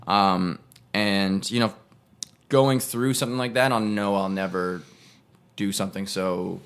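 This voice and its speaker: A man's voice: sits low, steady tone, unhurried, a bit bright, clean tone. A young man, an actor, casually telling a personal story on a podcast and rambling with frequent self-corrections. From Canada. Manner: rambling, self-correcting, acts out voices in quotes.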